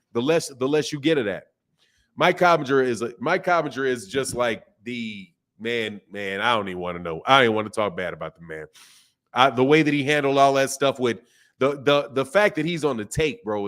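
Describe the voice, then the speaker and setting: A man's voice: medium pitch, fairly bright tone. A man with a Southern US accent hosting a boxing live stream, talking casually and reading out chat messages in a laid-back, slangy way. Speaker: boxing channel host.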